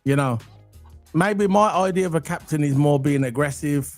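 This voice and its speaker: A man's voice: fairly high pitch, normal speed, faint music behind. Chatty man on a livestream. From Wales. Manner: rambling, chatty, talks to viewers directly. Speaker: co-host of a football livestream. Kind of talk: casual livestream chat.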